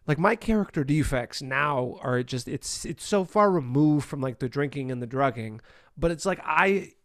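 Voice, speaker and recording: A man's voice: medium pitch, expressive, normal speed, a bit bright, no echo, clean studio sound. A man hosting a candid conversation about recovery, blunt, profane and self-deprecating.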